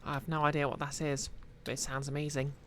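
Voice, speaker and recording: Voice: medium pitch, flat delivery, quick pace, a little hiss or hum. A streamer, chatting casually to viewers while playing, rambling with many fillers. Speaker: game streamer.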